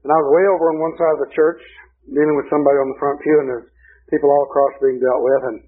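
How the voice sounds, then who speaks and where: A man's voice: fairly high pitch, little pitch movement, rapid-fire, phone-quality sound. A male preacher delivering a sermon through folksy, humorous storytelling.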